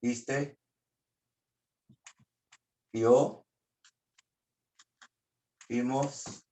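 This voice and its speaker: A man's voice: mid-range voice, fairly even intonation, very slow, mellow, reverberant. A man teaching a class at a board, explaining informally and correcting himself as he goes. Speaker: Spanish teacher.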